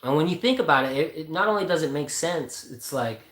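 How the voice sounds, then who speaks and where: A man's voice: fairly high pitch, expressive, fairly quick, fairly bright tone. A man hosting a casual spiritual talk who thinks aloud, rambles and corrects himself as he goes. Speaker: channel host. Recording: roomy echo.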